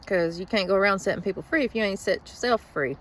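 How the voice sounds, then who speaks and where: A woman's voice: mid-range voice, fast talker. A woman talks in a blunt, profane, rambling way in a casual vlog, venting from inside a vehicle in a parking lot. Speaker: vlogger.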